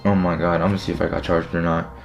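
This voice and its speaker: A young man with a low, deep voice talks straight to his audience, grumbling and swearing over an online checkout. He sounds annoyed and exasperated as he talks it through. Faint music plays quietly in the background. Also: little pitch movement, quick pace, dull audio. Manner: frustrated, swearing, talking to viewers. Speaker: streetwear vlogger. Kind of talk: casual live commentary.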